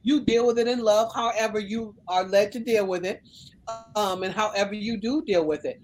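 A middle-aged woman minister from the United States telling a personal faith story in conversation, animated and emphatic. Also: medium pitch, normal speed, low-quality recording. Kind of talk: conversational testimony.

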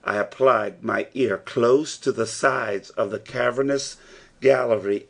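A man narrating a classic novel as an audiobook, in a measured storytelling manner. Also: mid-range voice. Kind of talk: scripted narration.

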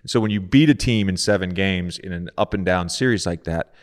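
A man with a fairly low voice co-hosts a podcast, telling stories in an animated way and laughing as he talks. The recording carries a long, hall-like reverb. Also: a little fast. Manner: animated storyteller, laughs through his stories. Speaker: podcast co-host. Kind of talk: casual interview chat.

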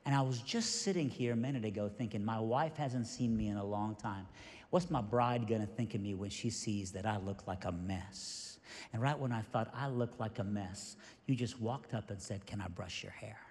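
A man voicing a frail older man in a wheelchair, speaking quietly and tenderly, recorded in a reverberant church hall. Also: on the low side, normal speed, natural voice.

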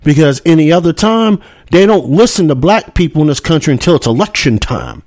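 A man's voice: on the high side, big pitch swings, brisk, a little mellow, dry recording, studio quality. A man hosting a political talk show, delivering a heated monologue full of profanity and rhetorical "hmm?" asides. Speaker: podcast host.

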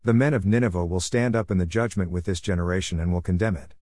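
Low guy reading bible verses slow and steady, dry recording. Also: dry recording. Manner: measured, phrase-by-phrase reading. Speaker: scripture reader.

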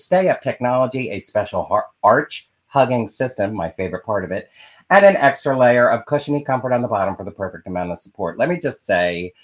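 Man, low-pitched, chatty podcast co-host, animated and rambling. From Philadelphia. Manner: animated, chatty, lots of fillers and asides. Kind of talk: casual chat with ad read. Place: vacation spot.

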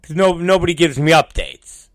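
A man's voice: fairly high pitch, expressive, normal speed. A man in a casual monologue, rambling and self-deprecating, swearing freely as he goes.

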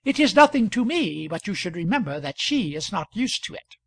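A woman's voice: sing-song, brisk, creaky, breathy edge, no echo, full character voice. A man voicing a stout, hysterical middle-aged wife who sobs and scolds in an old novel reading. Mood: aggrieved. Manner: shrill, tearful, aggrieved. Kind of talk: audiobook character voice.

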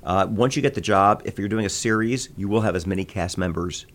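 A man from the American Midwest, a voice actor telling stories in an interview with quick bursts of voices and laughter. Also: low voice, fairly bright tone. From Midwest United States. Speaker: voice actor guest. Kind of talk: interview conversation.

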